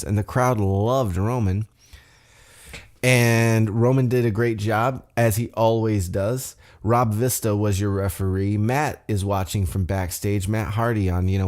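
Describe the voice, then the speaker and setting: A man's voice: lowish voice, a little mellow. A man hosting a solo podcast recap, talking casually in a rambling, profane, self-deprecating way. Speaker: podcast host.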